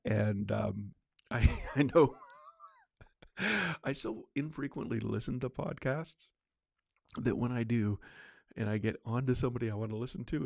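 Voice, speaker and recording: A man's voice: on the low side, gravelly, dry recording. A male podcast host chatting casually on his own, rambling with lots of fillers and restarts. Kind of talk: casual solo livecast chat.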